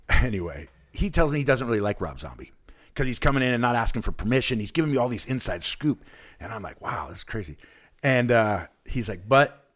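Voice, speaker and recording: A man from Alaska, a podcast guest, telling a long, excited anecdote in casual chat and acting out the people in it. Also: on the low side. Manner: excited, rambling anecdote with lively quoted voices.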